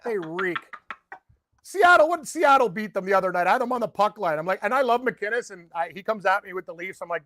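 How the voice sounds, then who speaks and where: A middle-aged man giving sports betting picks in a rambling, excitable casual chat, full of rhetorical questions. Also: sits high, brisk, no room sound, clean studio sound.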